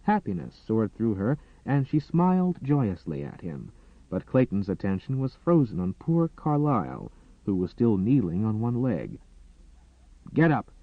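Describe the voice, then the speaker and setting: Dramatic male narrator for a period romance; animated delivery, thin phone-like audio. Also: fairly low pitch, moderate pace, no echo. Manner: expressive, dramatic reading. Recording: dry, tinny phone-like sound.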